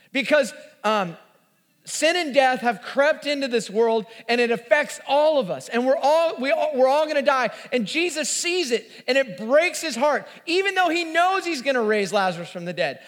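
A man in his forties preaching a sermon, telling the story in an animated way and acting out the voices. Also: very high-pitched. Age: 40s. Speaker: pastor. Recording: reverberant hall.

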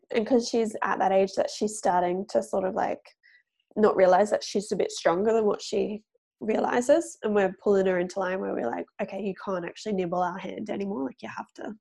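A woman's voice: medium pitch, moderate pace, gravelly, darkish tone. A woman from Australia with an Australian accent, chatting as an interview guest in a rambling, filler-heavy way. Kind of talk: casual interview chat.

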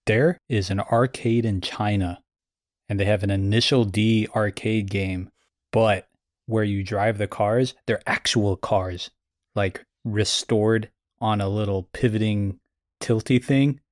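Eager man with a lowish voice. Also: takes it slowly, no echo, clean studio sound. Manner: eager, animated describing. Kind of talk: casual chat.

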